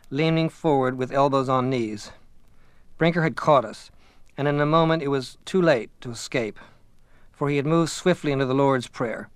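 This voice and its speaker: Male audiobook reader, middle pitch, measured delivery, dry booth sound. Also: clean tone, no room sound. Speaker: audiobook narrator. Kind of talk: scripted first-person narration.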